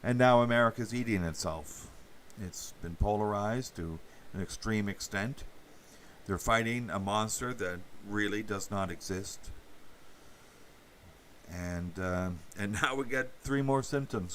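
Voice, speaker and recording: Rambling, low-voiced man commenting. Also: measured pace, fairly bright tone, slight background noise. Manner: meandering, many fillers, sardonic asides. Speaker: channel host. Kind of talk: rambling political commentary livestream.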